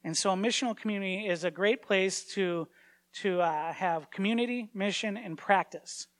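A man's voice: high voice, moderate pace. A man in his forties giving a conversational sermon as a pastor, informal and story-driven, with frequent fillers and restarts.

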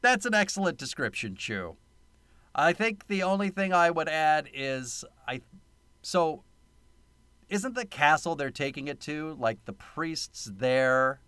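A man's voice: fairly high pitch, expressive, slow pace, fairly bright tone, clear, resonant tone, no echo. A man co-hosting a casual film review podcast, sarcastic, laughing often and swearing freely. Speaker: podcast co-host.

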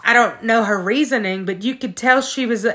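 A woman's voice: on the high side, normal speed, bright, forceful tone. A woman telling a personal story earnestly on a casual podcast, talking straight to her listeners. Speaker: podcast co-host.

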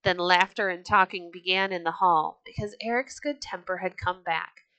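A woman reading a classic tale aloud for a storybook podcast, with expressive storytelling. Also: on the low side, moderate pace, no echo.

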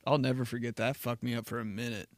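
A man's voice: mid-range voice, level tone, fast, no room sound, clean studio sound. A young man hosting a podcast, telling rambling, profane, comedic stories and laughing at himself. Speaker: podcast host. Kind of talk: casual comedic storytelling.

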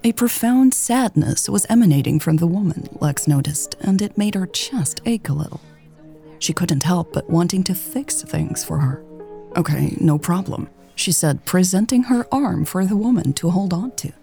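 A woman narrating a romance story in a calm, even audiobook style. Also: fairly low pitch, normal speed, vocal fry, faint music behind.

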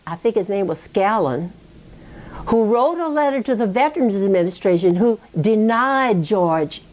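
Reflective woman telling a family story. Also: medium pitch. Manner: reflective, digressive, with frequent "you know" and "okay?". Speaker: interviewee recounting family history. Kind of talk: oral history storytelling.

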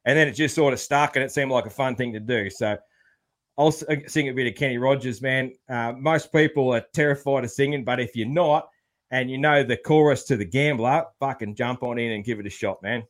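A man's voice: medium pitch, a little fast. An Australian man hosting a casual podcast chat, loose and sweary, laughing often. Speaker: podcast host.

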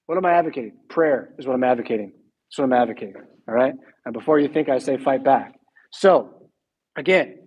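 A man's voice: on the high side, slightly rough, low-quality recording. A man preaching a sermon as pastor, emphatic and full of rhetorical questions.

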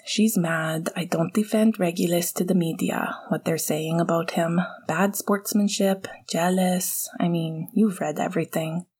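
A woman's voice: lowish voice, fairly even intonation, husky. A woman whispering as a tender young hockey player. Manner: soft, often whispered, slow.

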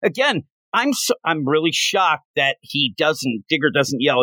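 Animated man recapping comics. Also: a little high, unhurried, no room sound. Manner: animated, acts out comic characters' lines mid-recap. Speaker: podcast co-host. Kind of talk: casual comic book review chat.

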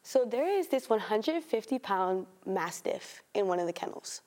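A young woman in casual chat on a podcast, telling a story in an animated way and laughing as she goes. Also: mid-range voice, normal speed. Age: young adult. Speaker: podcast co-host.

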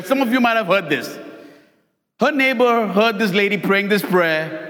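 A male pastor delivering a sermon, telling stories with lively repetition. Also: high voice, in a large hall. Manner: animated storytelling with repeated lines.

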